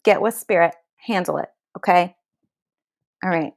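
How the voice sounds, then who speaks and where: Doing a live tarot reading, a woman speaks in a lowish, unhurried, creaky voice directly to viewers. She gives blunt, emphatic tough-love advice with some swearing, constantly checking in with "okay?" and "all right?"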